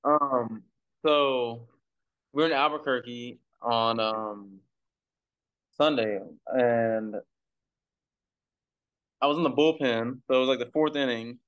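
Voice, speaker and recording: Young male podcast guest from Texas; easygoing, rambling storyteller, clear resonant tone. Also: mid-range voice, slow pace, pauses often, dull audio. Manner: laid-back, rambling with fillers. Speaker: guest, pro baseball pitcher. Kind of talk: casual storytelling. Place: recording for a podcast.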